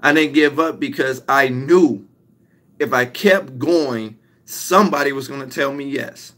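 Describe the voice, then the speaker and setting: A man's voice: mid-range voice, measured pace, bright, forceful tone. A young man giving a motivational talk, emphatic and repetitive, stretching out his key lines. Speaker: motivational speaker.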